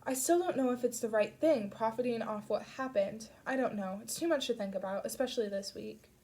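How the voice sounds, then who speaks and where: A woman's voice: fairly high pitch, a little fast, mellow, lightly acted. A woman reading an audiobook, voicing an earnest, weary teenage girl who investigates crimes, close to her own voice. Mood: uncertain.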